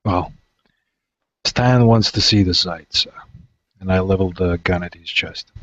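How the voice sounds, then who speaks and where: A man's voice: low voice, unhurried, a bit bright, dull audio. A man playing a tabletop game, bluntly speaking in character. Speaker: player.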